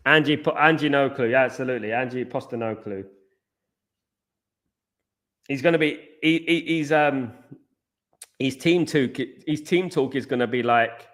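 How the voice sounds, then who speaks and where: A man hosting a live football watchalong chats casually in a medium-pitched, slightly bright voice. He speaks at normal speed with frequent pauses, rambling and wandering off onto tangents.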